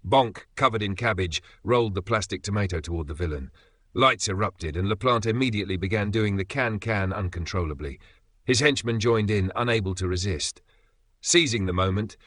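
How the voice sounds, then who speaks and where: A man giving brisk, dry scripted comic narration. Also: on the low side, fairly bright tone, no echo.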